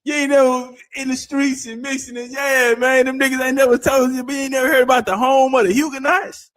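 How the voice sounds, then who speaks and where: A man reacting to a clip with loud, laughing, profane banter. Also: extremely high pitch, flat delivery, brisk. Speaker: reaction streamer. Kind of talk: casual reaction commentary.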